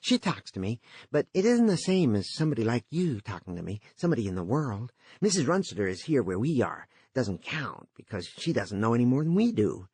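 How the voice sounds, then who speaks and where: Man plays eager lonely dead youth, fast pushy questions, dry audiobook sound. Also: mid-range voice, very animated, a little mellow, slightly rough, no echo.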